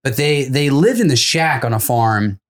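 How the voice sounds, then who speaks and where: A man telling a long, wild childhood story on a casual comedy podcast. He laughs in the middle of his sentences and jumps into the voices of the people he describes. His voice sits at a middle pitch. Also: lively intonation, normal speed. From Los Angeles. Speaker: comedian guest.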